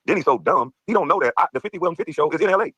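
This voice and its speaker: A man tears through a heated rant at a rapid clip, mocking and trash-talking, laughing between jabs. His voice is husky and swings widely in pitch. The recording is dry and close. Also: lively intonation, bright, forceful tone, no echo. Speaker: guest streamer. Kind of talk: heated ranting chat.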